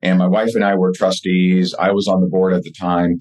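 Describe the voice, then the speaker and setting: A man with a fairly low voice, talking as a guest in a relaxed interview. He tells stories in an earnest, conversational way, stopping and restarting his sentences and filling pauses with "um" and "you know.". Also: low-quality recording. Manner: earnest, with frequent fillers and restarts. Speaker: podcast guest and author. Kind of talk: casual interview storytelling.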